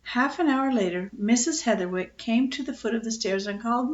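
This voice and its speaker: An older woman reading a children's book aloud, expressive with small slips. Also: fairly high pitch, fairly quick. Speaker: storyteller. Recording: echoey lo-fi home recording.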